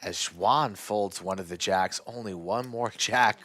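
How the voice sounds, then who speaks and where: A man's voice: on the low side, unhurried, noisy background. Teasing male poker play-by-play voice. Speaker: poker stream commentator. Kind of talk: live poker commentary.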